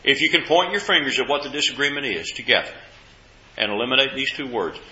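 A man's voice: mid-range voice, fast. Folksy preacher man in an echoey hall. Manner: folksy storytelling preacher, repeats words, swings from loud to hushed. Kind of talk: sermon. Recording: echoey hall, dull lo-fi sound.

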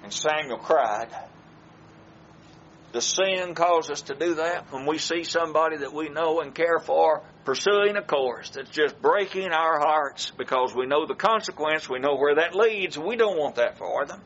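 A man preaching a sermon to his congregation, slow and emphatic, with dramatic pauses. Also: fairly high pitch, fairly bright tone, lo-fi sound, a little hiss or hum.

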